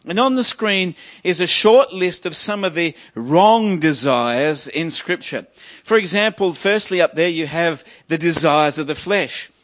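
A man's voice: on the high side, lively intonation, a little slow, fairly bright tone. A middle-aged male preacher giving a sermon, joking and restarting phrases, then building to emphatic preaching.

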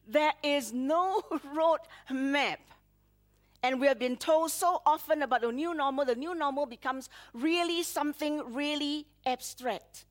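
A woman's voice: high voice, moderate pace. A woman pastor preaching a sermon, dramatically acting out prayers with rising emphasis and laughing between phrases.

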